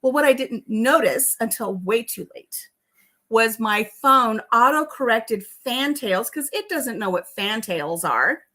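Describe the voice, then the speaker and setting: A woman's voice: a little high, lively intonation, a little slow, pushed and bright. Chatty, laughing woman vlogger. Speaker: vlog host. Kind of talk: casual chat while tasting tea.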